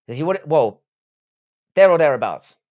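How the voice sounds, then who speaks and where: A man's voice: on the high side, big pitch swings, normal speed, darkish tone. A man hosting a live stream, casually reading out chat and trading profane mock insults with viewers. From England.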